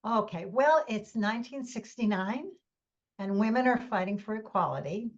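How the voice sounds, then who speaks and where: A woman's voice: medium pitch, lively intonation, normal speed, muffled recording. A woman novelist talking as a guest, friendly and explaining with easy laughs. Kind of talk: casual interview chat.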